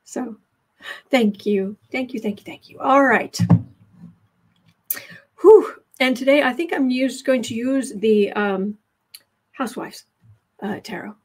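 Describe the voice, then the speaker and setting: A woman with a fairly high voice talks through her daily tarot livestream. She chats loosely and rambles, breaking off to answer people in the chat. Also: slow pace, pauses often. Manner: chatty and rambling, with asides to the chat. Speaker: livestream tarot reader and host.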